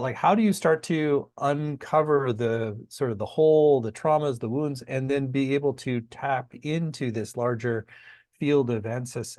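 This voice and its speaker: A man hosting a spiritual conversation, reflecting back his guest's words and asking gentle, searching questions. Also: medium pitch, no room sound. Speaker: host. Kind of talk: interview conversation.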